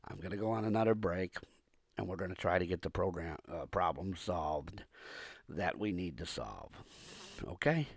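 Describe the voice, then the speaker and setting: Male podcast host with a cold, low gravelly voice, repetitive aggrieved rant full of pauses. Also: no echo. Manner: repetitive, aggrieved, pausing often. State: hoarse with a cold, coughing. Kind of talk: ranting monologue to listeners.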